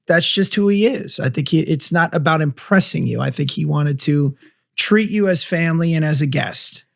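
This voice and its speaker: A man's voice: a little high, creaky, fairly bright tone. A man co-hosting a podcast in casual chat, teasing his partner with dry critiques. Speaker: podcast co-host.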